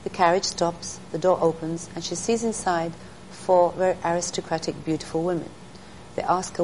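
A woman's voice: on the low side, fairly quick, a little mellow, slight background noise, poor audio. A middle-aged woman, a guest in an interview, telling faith stories in an earnest teaching tone. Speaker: interview guest, speaker to women. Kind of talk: storytelling in an interview.

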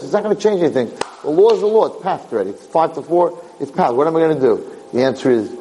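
Older man, informal Torah teacher, animated storyteller, very lively pitch, faint noise behind. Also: quick pace, few pauses, rough recording. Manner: animated storytelling with rhetorical questions.

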